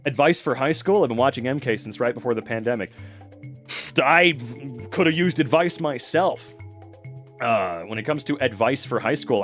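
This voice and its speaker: Brief: young guy streamer, lively swinging pitch, casual and sweary, faint music behind. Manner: excitable, swears a lot, laughs often, reacts to chat. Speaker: livestreamer. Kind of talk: casual livestream chat.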